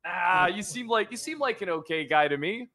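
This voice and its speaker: A man's voice: high-pitched, animated, moderate pace, bright, forceful tone. A man in a role-play game, teasing the others with sarcastic quips. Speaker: fellow role-play player.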